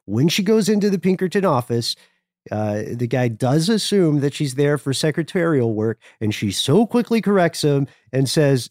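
A man co-hosting a casual history podcast, telling stories with lively voiced quotes. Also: fairly high pitch, normal speed, no room sound, studio quality. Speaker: podcast co-host.

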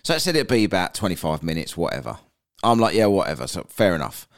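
Lively, crude bloke telling stories. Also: male voice, sits low, fast talker. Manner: animated and crude, swears freely, keeps asking "right?". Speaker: podcast host. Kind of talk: comic anecdote storytelling.

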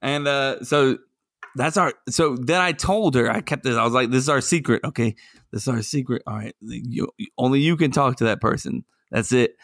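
A man's voice: medium pitch, normal speed, fairly bright tone, no echo. A man in his thirties, a podcast co-host telling playful, jokey dad stories in casual chat.

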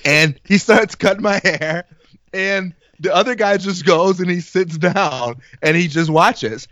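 A young man in his twenties telling an animated, laugh-filled story in casual podcast chat. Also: high voice, unhurried, no echo.

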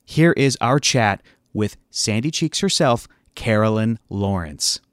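A man's voice: fairly low pitch, expressive, slow, no echo, clean studio sound. A man co-hosting a podcast, introducing and interviewing a guest with enthusiasm. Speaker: podcast co-host.

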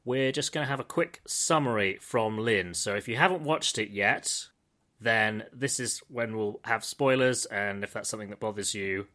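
Bright, dry-witted man. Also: fairly low pitch, moderate pace. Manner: dry, teasing, precise. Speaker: podcast co-host. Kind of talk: casual film review chat.

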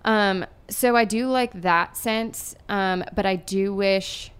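A woman's voice: medium pitch, takes it slowly, clear, resonant tone. A woman from Erie, Pennsylvania, a singer-songwriter guest talking casually in a podcast interview, chatty and earnest with lots of fillers.

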